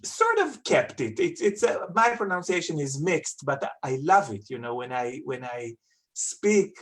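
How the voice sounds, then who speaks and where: A man, a guest telling lively stories in an interview, repeating words for emphasis and making playful asides. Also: a little high, a little slow. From Israel. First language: Hebrew. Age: 50s. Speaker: guest chef and author. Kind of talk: casual interview talk.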